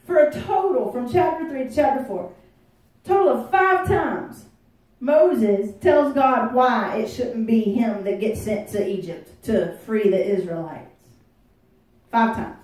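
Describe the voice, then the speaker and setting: A woman's voice: a little high, a little slow, darkish tone. A woman pastor preaching a sermon in a church, folksy and conversational, joking with the congregation. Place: church sanctuary. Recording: echoey room, voice heard from a distance.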